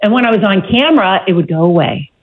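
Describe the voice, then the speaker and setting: A woman from Medford, Massachusetts, who grew up speaking Greek, talks in a bubbly, quick way. She comes through a muffled, glitchy remote connection that dulls her voice. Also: medium pitch, expressive. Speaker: TV host and guest. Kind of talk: remote radio interview.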